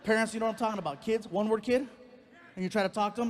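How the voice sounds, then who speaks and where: A man telling a stand-up comedy story to a live audience in a theater, animated and playful. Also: high voice, rapid-fire.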